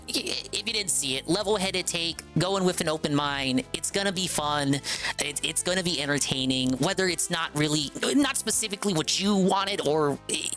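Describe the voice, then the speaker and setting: A man hosting a casual live stream, excitable and rambling, with lots of fillers and restarts. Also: fairly high pitch.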